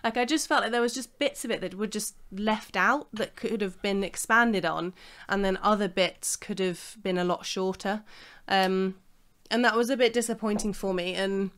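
A woman's voice: medium pitch, moderate pace, fairly bright tone, clear, resonant tone. A woman co-hosting a casual chat, talking in a hesitant way with fillers. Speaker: podcast co-host.

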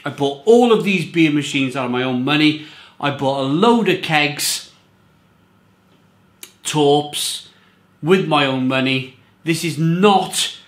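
A man's voice: a little high, a bit bright, echoey room. A man reviewing beer in a casual, rambling monologue, often repeating himself and stressing his points.

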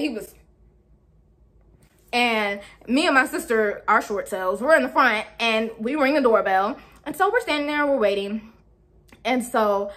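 A young woman vlogger telling a storytime to her viewers, animated and laughing often. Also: fairly high pitch. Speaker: YouTuber. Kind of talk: storytime vlog.

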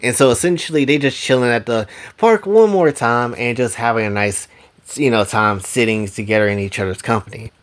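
A man's voice: medium pitch, a little fast. A man casually retelling a story in a loose, slangy way.

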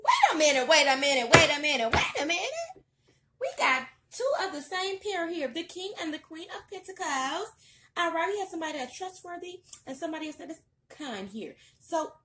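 A young woman giving a casual tarot reading, chatty and sassy with loud bursts of excitement. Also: sits high, a little hiss or hum. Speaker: tarot reader.

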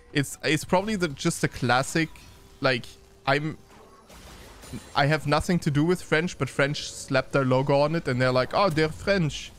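A man giving casual esports review commentary, loose and chatty with many fillers and restarts, turning brisk for play-by-play. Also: on the high side, fairly bright tone. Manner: turns brisk during play-by-play.

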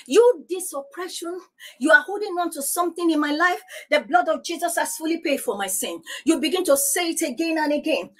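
A woman's voice: very high-pitched, lively intonation, fairly quick. A woman pastor preaching on divine healing, insistent and repeating declarations, praying aloud. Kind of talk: sermon teaching on divine healing.

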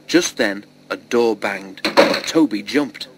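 A man reading a children's storybook aloud in a steady, expressive storytelling voice. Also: mid-range voice, unhurried, noisy background. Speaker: storybook reader.

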